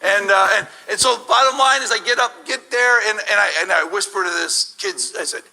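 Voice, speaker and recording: A middle-aged man, speaking as a guest at a church service, tells a funny personal story with lots of animation, laughter, and restarts. His voice is high-pitched and gravelly, his pace fairly quick, and the audio quality is poor.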